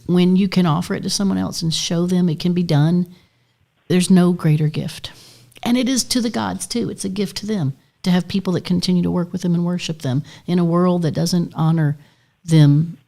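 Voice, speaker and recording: A woman with a very low, mellow voice co-hosting a live podcast. She is tearful and speaks earnestly from the heart, her tone dark and soft-edged. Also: creaky. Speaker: co-host.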